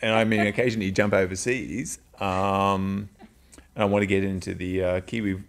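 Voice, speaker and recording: Middle-aged man, low gravelly voice, loose rambling storyteller who swears a lot. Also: flat delivery, normal speed. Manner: rambling, swears freely, tells bawdy anecdotes. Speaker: drinks reviewer and interviewer. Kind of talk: casual chat.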